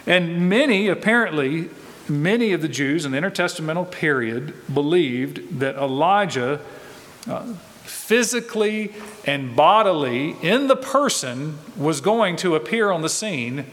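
A pastor preaching a verse-by-verse sermon, teaching in a conversational way and asking rhetorical questions. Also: male voice, a little high, expressive, measured pace, a bit bright, long reverb tail. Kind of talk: expository sermon.

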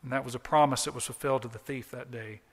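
A man's voice: medium pitch, steady tone, fast, husky, in a large hall. A man preaching a sermon as pastor, earnest and emphatic, often repeating key phrases. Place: church.

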